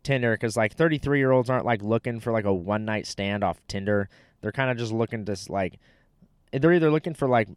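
A man's voice: lowish voice, clean tone, no echo, clean studio sound. A young man telling a rambling, profane story in casual chat, full of filler words.

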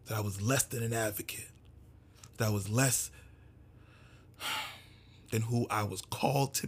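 Husky man preaching with fervent passion. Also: lowish voice. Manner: fervent, repetitive, swings from loud to whispered. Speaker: speaker addressing his community. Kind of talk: impassioned monologue.

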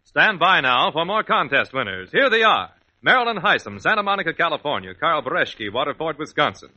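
A male radio announcer briskly reading a list of names on an old broadcast. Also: a little high, big pitch swings, sharp tone, muffled recording, a little hiss or hum.

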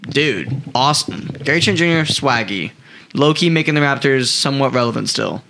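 Bright-voiced young man hosting sports talk. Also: mid-range voice, expressive, normal speed, creaky. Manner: enthusiastic, hyping players. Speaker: podcast host.

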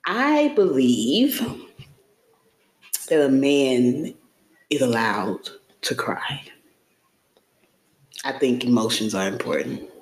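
A woman co-hosting a casual podcast chat, playful and quick to joke. Her voice leaps up and down as she tells stories. The sound rings with a roomy echo. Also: extremely low pitch. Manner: playful, joking, animated storytelling. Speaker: podcast co-host.

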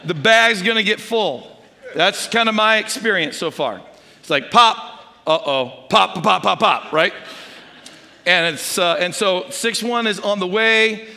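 Gravelly high-voiced older preacher. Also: male voice, unhurried. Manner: storytelling, drops to a hush for quoted whispers. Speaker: pastor. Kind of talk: sermon. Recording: long hall reverb.

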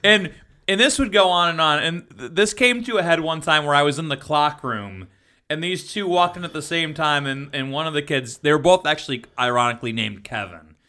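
Podcast regular, male, animated storyteller with a forceful, slightly high voice. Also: a little fast. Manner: laughing, animated storyteller who mimics voices. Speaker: podcast co-host and former teacher. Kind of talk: casual storytelling chat.

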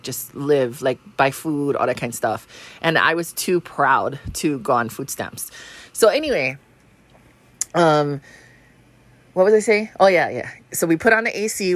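A woman's voice: on the low side, fairly bright tone, no echo. A woman in her thirties with a Hawaiian Pidgin-tinged accent, telling a story in a rambling, profane way and laughing often as a podcast host. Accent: Hawaiian Pidgin-tinged English. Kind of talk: casual storytelling monologue.

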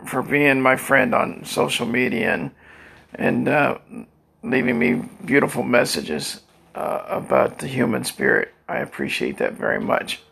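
Gravelly rambling older man with a cough. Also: mid-range voice. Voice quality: dry cough. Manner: crude, rambling, shout-outs. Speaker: social media vlogger. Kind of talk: rambling casual monologue.

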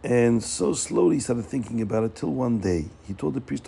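A man telling a Hasidic story with animated delivery, repeating words and acting out the characters' lines. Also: medium pitch, moderate pace, creaky, slightly rough.

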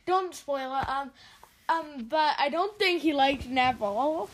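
A woman with a high voice chatting casually beside a reader. She interrupts playfully with quick asides and spoilers. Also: slight background noise. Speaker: co-reader, listener. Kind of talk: casual chat.

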